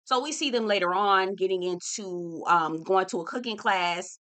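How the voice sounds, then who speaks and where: A woman's voice: mid-range voice, normal speed, a bit bright. A young woman hosting a reality TV recap, talking candidly and casually to her viewers, swearing freely and calling them "girl" and "y'all". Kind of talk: casual chat.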